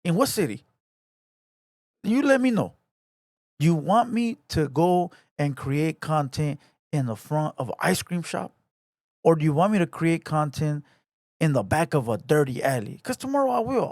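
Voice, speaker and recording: A man's voice: high voice, darkish tone, dry recording, studio quality. A man ranting to camera, taunting and repeating himself in a confrontational way. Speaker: online commentator. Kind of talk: heated rant to camera. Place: home garage.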